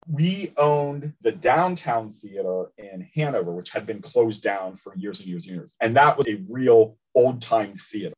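A man's voice: lowish voice, poor audio. A man co-hosting a podcast, chatting casually about comics and telling stories with a laugh now and then. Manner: chatty, animated storytelling with laughs. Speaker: podcast co-host.

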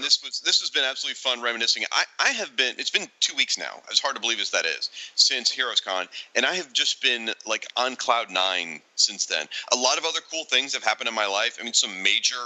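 Animated married man telling stories. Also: mid-range voice, low-quality recording. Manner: animated, jokey storytelling. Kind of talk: casual podcast chat.

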